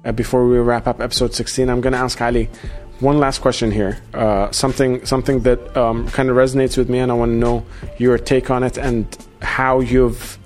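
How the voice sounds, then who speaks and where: A man from Australia hosting a podcast in relaxed, chatty talk with frequent restarts. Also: mid-range voice, brisk, few pauses. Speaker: podcast host. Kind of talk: casual podcast chat. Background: faint music.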